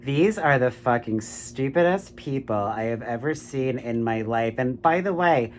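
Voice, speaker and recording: A man's voice: medium pitch, a little slow, slight background noise. A man delivering a ranting political monologue. He swears a lot and keeps turning to the listener with "my friends, right?". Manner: animated, profane, keeps saying "my friends, right?".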